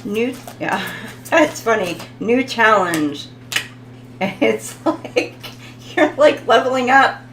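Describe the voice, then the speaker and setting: A woman's voice: on the high side, expressive, slow pace, a bit bright, slight background noise, rough recording. A woman hosting a casual live tarot reading, chatting with viewers, laughing often and stumbling over foreign words. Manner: talks to viewers in the chat.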